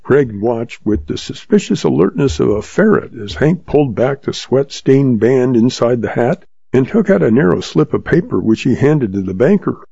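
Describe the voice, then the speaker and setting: A man reads a western story aloud in a steady, measured way. His voice is gravelly and husky, with a dark tone. The recording is dry and dull. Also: medium pitch, no echo. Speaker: narrator. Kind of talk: scripted western story narration. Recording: dull lo-fi sound.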